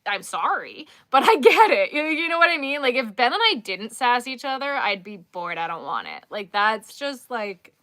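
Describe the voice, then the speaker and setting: A young woman from New York, chatting casually with her live viewers, sassy and quick to laugh, talking to her dog in between. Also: on the high side, sing-song, fairly bright tone, dry recording, studio quality. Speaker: livestream host.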